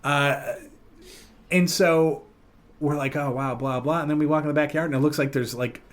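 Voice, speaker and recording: A man's voice: on the high side, normal speed, slight background noise. Rambling, laughing male podcast host. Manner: rambling, animated storytelling with fillers and laughs. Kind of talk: casual chat.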